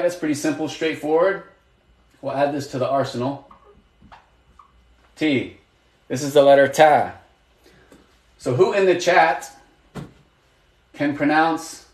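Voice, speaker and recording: A man's voice: a little high, a little mellow, echoey room. A man teaching a live online lesson, patient and encouraging, asking students questions and praising their answers. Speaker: Arabic teacher.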